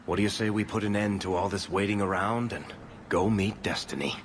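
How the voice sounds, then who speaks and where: A man's voice: on the low side, fairly even intonation, brisk, slight background noise, lightly acted. An actor playing a wry, loyal middle-aged male dwarf in a game, speaking with dry humor.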